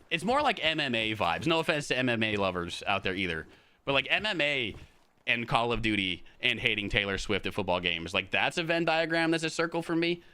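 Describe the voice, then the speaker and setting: A man's voice: mid-range voice, bright, forceful tone. A young man chatting casually on a live stream, rambling and swearing, with frequent laughs.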